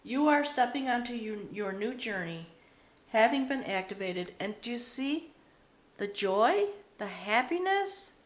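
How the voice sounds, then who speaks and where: A woman giving a spiritual tarot reading, speaking slowly and reverently, often overcome with emotion. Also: a little high, big pitch swings. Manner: slow, emotional, reverent, with pauses. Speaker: tarot reader. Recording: roomy echo.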